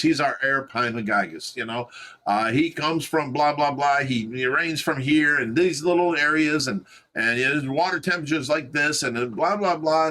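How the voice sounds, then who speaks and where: In a bright, forceful voice pitched fairly high, a Midwestern American man chats casually on the fish rescue stream he co-hosts from home. He tends to ramble, starts his thoughts over, and laughs at himself along the way.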